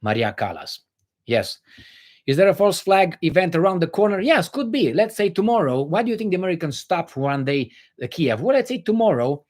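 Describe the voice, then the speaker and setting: Animated, sarcastic man with Romanian accent. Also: sits high, brisk. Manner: animated, sarcastic, blunt with swearing. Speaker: livestream host answering viewer chat. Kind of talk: casual livestream commentary.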